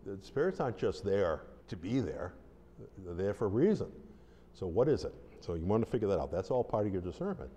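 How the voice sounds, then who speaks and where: A man's voice: on the low side, big pitch swings, a little fast, warm tone, husky, highs cut off. A man who is a deliverance minister, giving an informal, conversational teaching talk with restarts and stories. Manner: conversational, rambling, with restarts and acted-out quotes. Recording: long hall reverb.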